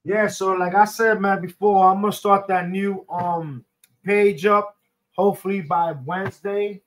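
A man's voice: high-pitched, steady tone, unhurried, rough recording. A young man with a New York accent chatting casually to his viewers, loose and slangy with many ums and restarts. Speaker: streamer host. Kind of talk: casual chat.

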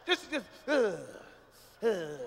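A man doing a loud, profane stand-up routine on stage, telling stories with shouts and acted-out moans. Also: high voice, very animated, extremely slow, a little hiss or hum. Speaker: stand-up comedian. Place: large live venue on stage.

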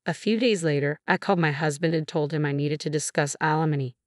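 A woman narrates a first-person family drama in a low voice. Her delivery stays steady and even throughout. The recording is close and dry, with no room sound. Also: quick pace, no echo.

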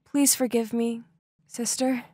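A woman voicing a young stepsister in a soft, subdued way. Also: fairly high pitch, fairly even intonation, slow pace, no room sound. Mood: apologetic. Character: young woman stepsister, sulky then remorseful.

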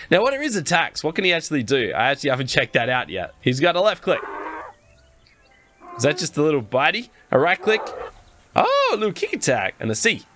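A young Australian man giving chatty, excitable Let's Play commentary as a gaming YouTuber, talking straight to his viewers. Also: on the high side.

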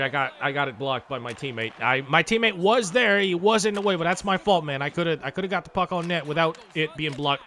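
A man giving excitable, casual commentary over a hockey video game, swearing freely and talking to the players on screen. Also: a little high, slight background noise. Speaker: gaming YouTuber. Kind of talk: live gameplay commentary.

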